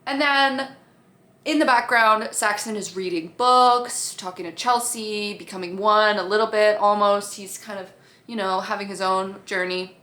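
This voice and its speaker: This TV show reviewer has a medium-pitched, bright voice with a forceful tone and talks a little slowly. She discusses a show casually to her camera, cursing freely and acting out characters' lines.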